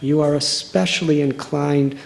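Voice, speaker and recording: Slow, gravelly older monk preaching. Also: male voice, a little high, steady tone. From United States. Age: 60s. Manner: slow, earnest storytelling with long pauses. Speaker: monk giving a religious discourse. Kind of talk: sermon.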